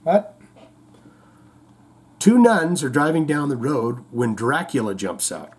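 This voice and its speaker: A man's voice: medium pitch, animated, slow pace, long pauses, slightly rough. A man hosting a show in casual chat, rambling, reading out viewer comments and telling corny jokes. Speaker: host.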